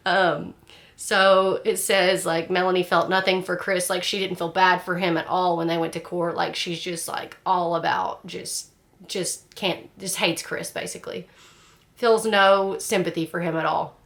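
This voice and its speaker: A woman with a fairly low voice talks through a book in casual discussion. Her tone has a gravelly, fry-laden edge, and she rambles frankly, full of fillers and restarts. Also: measured pace, fairly bright tone. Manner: frank and chatty, laughs at the story. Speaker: book club host.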